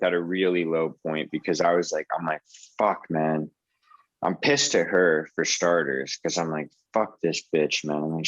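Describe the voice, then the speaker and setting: Young man, very low voice, rambling profane storyteller, dull video-call sound. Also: a bit bright, no echo. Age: 20s. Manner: rambling, profane, lots of "like" and "dude". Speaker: support group host.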